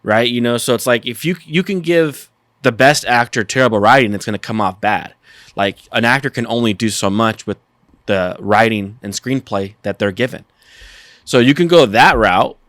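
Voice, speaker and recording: A man's voice: lowish voice, moderate pace, a bit bright, no echo, clean studio sound. A man co-hosting a casual podcast, earnestly explaining his opinions. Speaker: podcast co-host.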